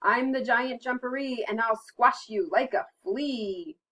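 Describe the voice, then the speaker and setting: A woman puts on a booming storybook creature that hides in a burrow and brags how scary it is. Its threats come loud, high and drawn out, each one a slow rhyme. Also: far from the mic.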